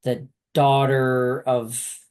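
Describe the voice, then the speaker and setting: Man, podcast co-host, mid-range voice, halting and rambling chat. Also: mid-range voice, monotone, a little mellow, clear, resonant tone. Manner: rambling, halting, lots of 'right?' tags. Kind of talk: casual film chat.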